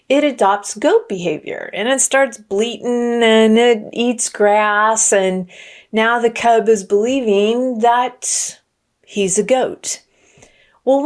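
A woman's voice: medium pitch, darkish tone. Earnest woman telling a fable. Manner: earnest, many restarts and fillers. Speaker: motivational speaker. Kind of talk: storytelling motivational talk.

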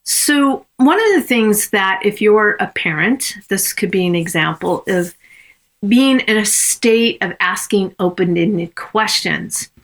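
A woman coach and consultant teaching in a podcast episode, speaking in a measured, reflective way with frequent ums. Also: medium pitch, animated.

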